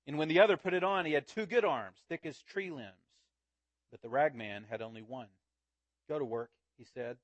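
Preacher guy reading a story to his church, slow and dramatic, voice a bit high, really dry sound. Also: no echo. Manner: slow, dramatic storytelling with wide swings in loudness. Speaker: pastor. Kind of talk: sermon, reading a story aloud.

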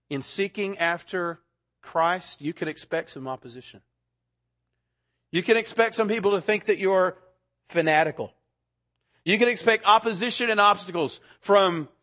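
Guy preaching a sermon, kinda high voice, gets loud then drops real quiet. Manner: dynamic preaching, swings from loud to hushed. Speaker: pastor.

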